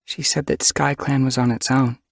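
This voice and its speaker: A timid she-cat mumbles her words in a storybook, as a man voices her. Her voice sits slightly raised from his, husky and soft. The sound is close and dry. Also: mid-range voice, flat delivery, normal speed, dry recording, pitched above the performer's own voice. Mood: nervous.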